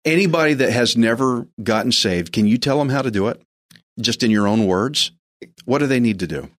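A man's voice: medium pitch, expressive, fairly quick. A man hosting a faith program, preaching in an earnest, urging way and repeating his phrases. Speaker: host, preacher. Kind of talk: sermon-style radio devotional.

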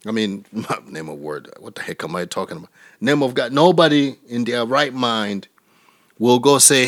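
A man's voice: medium pitch, expressive, normal speed, fairly bright tone, no room sound, studio quality. A man from Africa, doing a crude, rambling stand-up comedy set and laughing at his own jokes.

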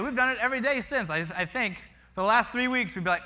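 A male pastor preaching with a bright, ringing voice that sits a little high for a man. He tells stories in an animated way and often doubles words as he speaks. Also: fast, hardly any pauses. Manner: animated storytelling with repeated words. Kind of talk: sermon.

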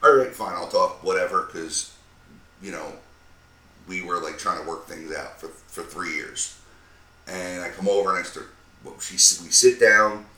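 A man in his thirties, a podcast co-host, telling a profane, animated story with acted-out quotes. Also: low-pitched, normal speed, distant mic. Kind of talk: casual storytelling chat. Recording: roomy sound, a bit off-mic.

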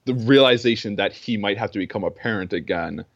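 A man's voice: on the low side, a little fast, no room sound, highs cut off. A young man in casual film discussion, earnest and rambling, with many fillers and restarts. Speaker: film podcast co-host.

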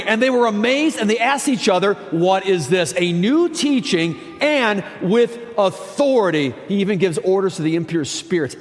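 A man's voice: sits high, in a large hall. A man preaching a sermon as pastor, in a conversational, emphatic way with frequent asides. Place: church.

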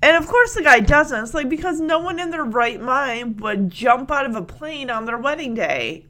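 A woman's voice: high voice, lively intonation, normal speed, bright, forceful tone. A woman vlogger retelling a TV scene in a chatty way, laughing and acting out the characters' lines. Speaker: vlogger reacting to a TV clip. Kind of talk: casual reaction commentary.

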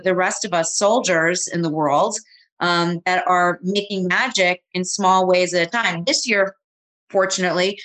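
A woman co-hosting a podcast, introducing a guest earnestly with halting phrasing. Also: fairly low pitch, fairly bright tone, rough recording. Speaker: podcast co-host.

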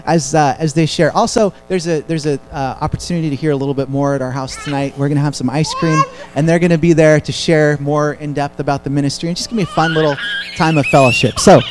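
Fast-talking man leading a church prayer. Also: on the high side, steady tone, over music. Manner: casual, halting, with fillers. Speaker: church leader.

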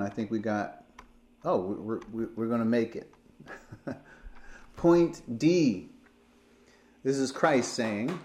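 Slow, low-voiced man preaching. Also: a little mellow. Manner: slow, emphatic Bible teaching. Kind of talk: sermon.

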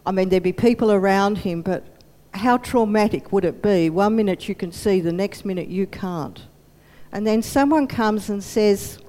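Woman preacher, animated storyteller; unhurried, long church-hall reverb. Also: mid-range voice. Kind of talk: storytelling sermon.

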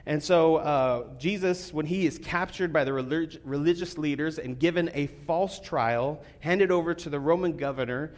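A man giving a sermon as a pastor, talking casually with fillers and restarts, then reading scripture more quietly. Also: a little high. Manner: conversational preaching with fillers, reads scripture quietly.

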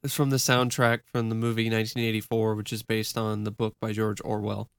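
A man co-hosting a podcast in casual chat, relaxed, laughing easily. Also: on the low side, brisk, clear, resonant tone, no room sound. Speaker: podcast co-host.

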